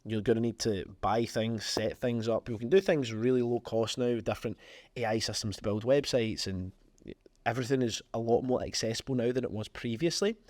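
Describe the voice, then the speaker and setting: A man's voice: medium pitch, fairly quick, darkish tone, no room sound. This is a man hosting a business podcast, speaking in a mid-range voice. He talks in a frank, conversational way and leans hard on his key points. The recording is dry and close. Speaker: podcast host. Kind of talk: motivational business talk.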